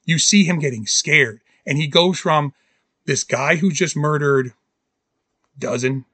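A man co-hosting a podcast in casual chat, excitably acting out movie scenes in quoted voices. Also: on the high side, a little slow, husky, no room sound. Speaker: podcast co-host.

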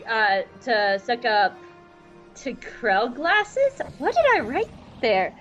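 A woman's voice: fairly high pitch, very animated, a little slow, fairly bright tone, lo-fi sound, soft background music. Chatty woman recapping a cartoon. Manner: chatty, irreverent. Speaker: podcast host. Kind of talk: casual recap.

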